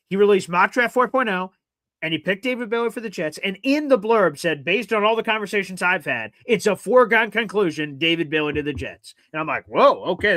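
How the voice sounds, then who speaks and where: Excitable man, bright and sharp voice. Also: sits high, no echo. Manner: excitable, swears, gets loud and worked up. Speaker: podcast host. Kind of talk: casual sports talk.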